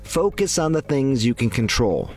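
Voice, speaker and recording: A man, a doctor, hosting a scripted health segment in a calm, encouraging way. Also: mid-range voice, moderate pace, soft background music.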